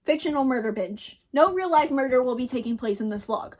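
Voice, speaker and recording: A woman's voice: high-pitched, expressive, fairly quick, darkish tone. A young woman from the United States chatting casually in a book vlog, gushing and full of "like" fillers. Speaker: book vlogger.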